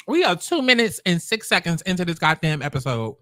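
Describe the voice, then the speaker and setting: A man with a slightly high voice gives blunt, sassy reaction commentary. He talks while he eats. The sound is close and dry. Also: big pitch swings, brisk, bright, forceful tone, no echo. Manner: eating while talking. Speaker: commentary host.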